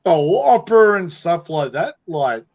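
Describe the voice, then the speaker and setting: A man's voice: a little high, expressive, measured pace, a little mellow. A man on a casual chat, rambling loosely and swearing heavily. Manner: profane, rambling, heavy swearing. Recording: dull lo-fi audio.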